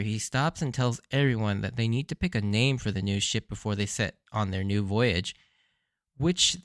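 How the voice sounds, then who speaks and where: An enthusiastic man hosting a podcast and recapping anime episodes in a loose, chatty way, often breaking into laughter. His voice sits in a middle pitch range. The recording is dry and close to the mic. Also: a bit bright, dry recording. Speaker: podcast host.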